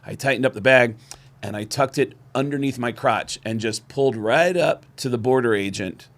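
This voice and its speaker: This middle-aged podcast co-host has a mid-range voice and speaks at a normal speed. In a casual storytelling chat, he animatedly performs the voices of the people in his stories.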